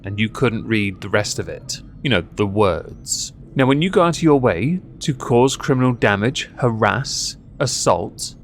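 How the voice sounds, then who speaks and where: A man narrates scripted commentary in a dry, mocking tone. His voice sits at an ordinary middle pitch. Faint noise hums behind him. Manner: sarcastic, mocking. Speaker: commentary channel host.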